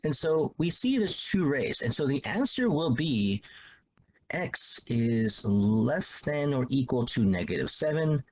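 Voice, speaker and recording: Lively-voiced man teaching math. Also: medium pitch, unhurried, highs cut off. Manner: loose, repetitive explaining with restarts and fillers. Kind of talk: casual math lesson walkthrough.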